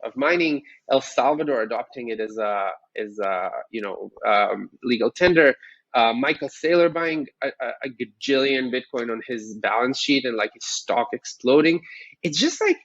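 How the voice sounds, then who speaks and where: A man's voice: mid-range voice, animated, normal speed, fairly bright tone, no echo. Male podcast co-host, keen explainer, dry and muffled lo-fi sound. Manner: enthusiastic, explanatory, frequent fillers like "like". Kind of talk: casual chat about finance.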